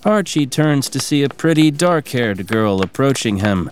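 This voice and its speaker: A man reading scripted narration for an audio drama in a steady, even way. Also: medium pitch, a little slow, noisy background. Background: music.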